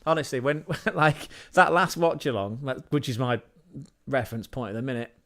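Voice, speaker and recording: A man's voice: medium pitch, normal speed, a bit bright. Male streamer with a mid-range voice, chatting off the cuff, scattered and self-mocking, with lots of restarts. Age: adult parent. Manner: scatterbrained, digressive, self-deprecating, frequent restarts and chuckles. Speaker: channel host and livestreamer. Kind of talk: casual rambling livestream chat.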